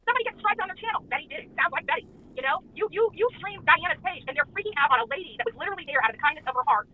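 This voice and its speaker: Female guest on a phone line, rapid indignant venting, high lively voice. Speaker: guest on a stream. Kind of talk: casual chat over the phone. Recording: tinny phone line, faint hiss.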